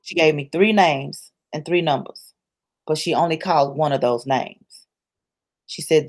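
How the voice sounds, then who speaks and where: A woman with a slightly low voice tells her own story to an interviewer. She speaks in a colloquial, church-rooted way, hammering points home through repetition. It sounds like candid personal testimony rather than a speech. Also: measured pace, pauses often, darkish tone. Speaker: interview guest.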